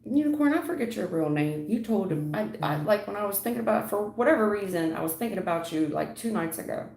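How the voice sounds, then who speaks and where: A woman's voice: medium pitch, lively intonation, fast, darkish tone. A woman giving blunt live tarot readings to viewers, calling them honey and sweetheart, lecturing and keeping it real. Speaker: tarot reader. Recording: echoey room.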